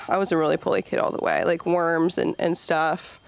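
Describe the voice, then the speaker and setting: 20s woman doing open mic standup, rambly, does squeaky kid voices, dry mic. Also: steady tone, normal speed, gravelly, clean tone, no echo. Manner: chatty, rambling, acts out kids in squeaky voices. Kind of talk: stand-up comedy set. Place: comedy club stage.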